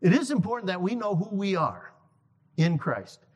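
A man preaching a sermon to a congregation, emphatic, repeating key lines slowly for effect. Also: high voice, very animated, slightly rough, dull audio. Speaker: guest preacher. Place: church sanctuary. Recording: long reverb of a large hall.

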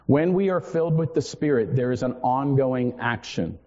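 Preaching at a normal speed, a man in his forties who works as a pastor has a medium-pitched, warm voice. He's earnest, repeating important phrases and adding self-deprecating asides, and the sound is dull with a long-reverb hall.

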